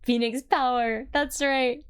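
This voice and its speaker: A woman's voice: sits high, steady tone, slow, clean tone. A young woman streamer in casual commentary, chatty and giggly, thinking aloud as she plays. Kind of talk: casual let's-play commentary. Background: game music.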